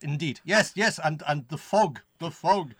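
A man's voice: on the high side, a little slow, fairly bright tone, slightly rough, no echo, studio quality, voice pushed up. A man putting on a playful, overdone Scottish accent as a gloomy storyteller. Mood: mock ominous. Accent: mock Scottish.

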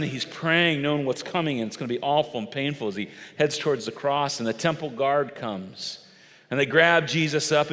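A male pastor preaching an animated storytelling sermon, emphatic and dramatic. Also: on the high side, long reverb tail. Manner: animated, emphatic, acts out quotes.

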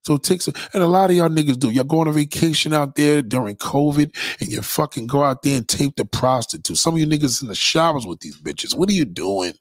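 Husky, animated man ranting. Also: a little high, fast talker, hardly any pauses, no room sound, clean studio sound. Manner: profane, blunt, animated ranting. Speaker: host. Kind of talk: ranting monologue to viewers.

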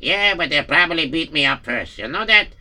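Man as a high-ish, gravelly Yiddish-accented innkeeper, anxious and stammering, amateur radio play. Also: animated, fairly quick, sharp tone, exaggerated voice. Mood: fretful. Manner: anxious, frets aloud with many stammered fillers. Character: worried male village innkeeper, nervous and fretful.

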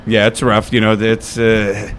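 A man chats as a guest on a podcast, easygoing and a little rambling. His voice sits low, and a faint background noise hangs under the talk. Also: monotone, unhurried. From Chicago South Side. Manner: easygoing, laughs often, rambling. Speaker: band bassist, guest. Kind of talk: casual interview chat. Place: diner, indoors.

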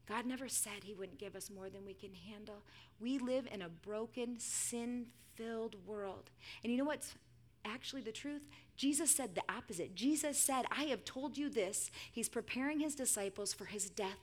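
A woman in her thirties preaching a sermon, dramatic, dropping to a hushed near-whisper for emphasis. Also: fairly high pitch, moderate pace.

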